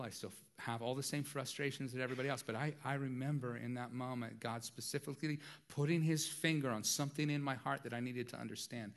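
A man preaching a sermon in a conversational way, dropping to a hush and then rising loud and intense, often asking "right?". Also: medium pitch. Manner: swings from hushed to loud and intense; conversational, repeats phrases and asks "right?". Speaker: pastor.

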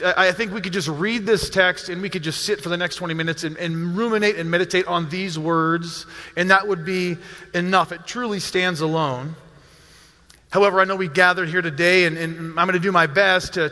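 A man's voice: high voice, bright, forceful tone, long reverb tail. A man preaching a sermon as pastor, speaking earnestly and pastorally, often repeating a word as he starts a phrase. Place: church sanctuary.

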